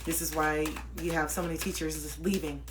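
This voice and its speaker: A woman in her thirties giving spiritual life coaching on a livestream, preaching with a lot of swearing and swinging between loud outbursts and low murmurs. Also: fairly even intonation, fairly quick, background noise. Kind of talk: impassioned livestream monologue.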